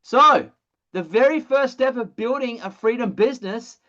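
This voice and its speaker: Excitable presenter on a dull lo-fi call. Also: medium pitch, normal speed. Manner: blunt, excitable, swears casually. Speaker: presenter of an online training call. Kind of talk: energetic sales training webinar. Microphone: video call.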